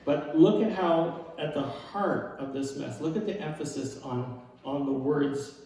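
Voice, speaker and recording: Man preaching a relaxed sermon. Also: a little high, measured pace, very echoey, far from the mic, poor audio. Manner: casual and self-deprecating, with frequent "right?" asides. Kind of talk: conversational sermon.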